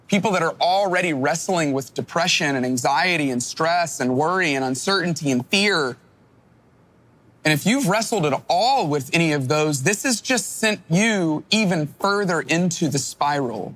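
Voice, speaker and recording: A man's voice: on the high side, animated, moderate pace, a bit bright. A middle-aged male pastor preaching a sermon in an earnest, emphatic way, often restarting his words.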